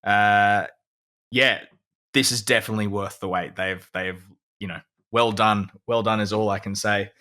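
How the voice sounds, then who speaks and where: A man's voice: fairly low pitch, steady tone, moderate pace, pushed and bright. A man, co-hosting a podcast and chatting casually while reviewing a beer with enthusiasm. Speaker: podcast co-host. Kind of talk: casual chat.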